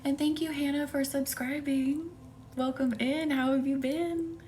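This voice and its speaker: A young woman hosting a live Reiki stream, chatting casually with viewers by name and often dropping into a soft whisper. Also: high-pitched, fairly even intonation, unhurried, slight background noise. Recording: faint music behind.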